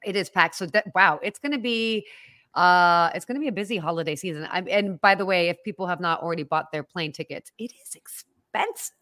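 Woman podcast co-host, animated and chatty, dry close sound. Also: lowish voice, fast, no echo. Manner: chatty, animated, laughs easily. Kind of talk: casual chat.

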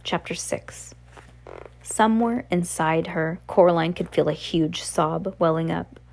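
A woman reading a novel aloud in a relaxed way, with slips and self-corrections. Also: lowish voice, unhurried, creaky. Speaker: reader.

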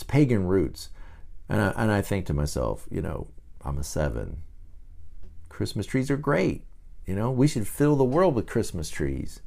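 A man's voice: fairly low pitch, vocal fry, warm tone. A man who is a pastor, giving a casual, conversational teaching talk on his podcast with frequent restarts and asides.

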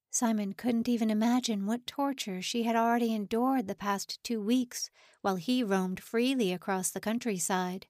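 A woman reading a story aloud as narrator, in a measured, unhurried way. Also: a little high, fairly even intonation, a little mellow, dry recording, clean studio sound. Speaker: audiobook narrator. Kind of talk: scripted narration.

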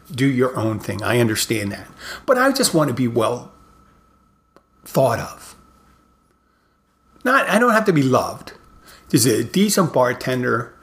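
A middle-aged man, a bartender hosting his podcast, telling stories in a casual, halting monologue with many restarts. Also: mid-range voice.

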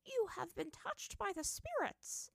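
An old woman healer speaks in a high, slow, hushed voice full of awe, as a woman puts her on. She is gentle and solemn, a figure in a storybook reading. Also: sing-song, vocal fry, dry recording, studio quality, heavily acted. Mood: awed.

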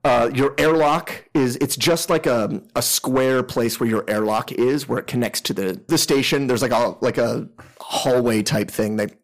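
A man's voice: medium pitch, moderate pace, poor audio. A man narrating a tabletop role-playing game as game master, with many fillers and restarts.

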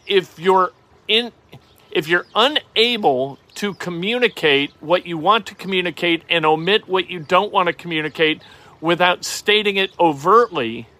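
Animated wisecracking male sports host. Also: high-pitched. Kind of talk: casual opinionated sports talk.

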